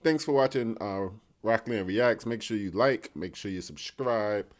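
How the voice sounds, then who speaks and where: A man hosting a reaction video, chatting casually to his viewers in a halting, loose way with many ums and uhs. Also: fairly low pitch. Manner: halting and loose, lots of um and uh, addresses viewers as y'all.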